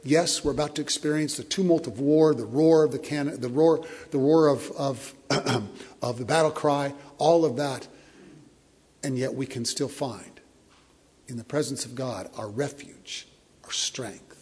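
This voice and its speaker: A man preaching a sermon as a pastor, earnest, often repeating words and dropping to a soft, slow hush. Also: medium pitch, husky. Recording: long hall reverb.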